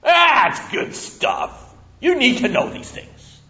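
A man's voice: extremely high pitch, huge pitch swings, slow, bright, forceful tone, echoey room, in a large hall, voice pushed up, heavily acted. A man putting on a sly mocking serpent. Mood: wheedling. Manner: incredulous, wheedling, mocking. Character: crafty sneering serpent, male, mocking. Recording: muffled lo-fi recording.

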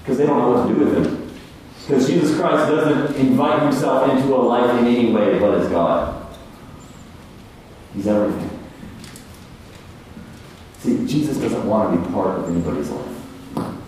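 A man preaching a sermon in a church hall, emphatic, dropping to a hush and then rising loud again. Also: mid-range voice, normal speed, long pauses, slight background noise. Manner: emphatic, swings between hushed and loud. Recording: echoey hall, mic far off.

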